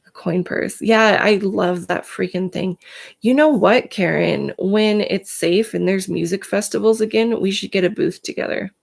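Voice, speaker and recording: A woman's voice: lowish voice, gravelly. A woman hosting a casual live stream, chatting to viewers by name, full of filler words, and in pain today.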